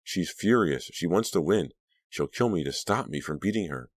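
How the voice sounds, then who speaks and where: A man's voice: low-pitched, expressive, moderate pace, slightly rough, no room sound, clean studio sound. A man reading an audiobook, voicing an anxious, troubled teenage girl who sounds tense and breathless. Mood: frantic. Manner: tense, pleading, breathless at times.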